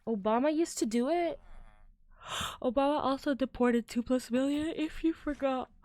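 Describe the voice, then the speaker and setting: A woman streamer chatting casually with her chat while crafting, rambling with fillers and trailing off into quiet mutters as she works. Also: high voice, normal speed, dry recording. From United States.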